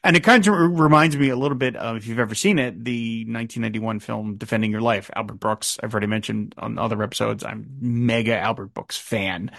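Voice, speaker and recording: Man, fifties, gravelly voice, podcast host, musing, lots of fillers and restarts, dry close sound. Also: medium pitch, fairly bright tone, no room sound. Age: 50s. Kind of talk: casual podcast talk about a song.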